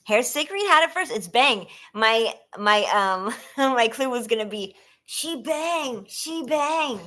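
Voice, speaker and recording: A woman's voice: on the high side, lively intonation, a little slow, pushed and bright. A woman from California hosting a casual trivia livestream, chatty and giggling often as she reads questions and talks to viewers.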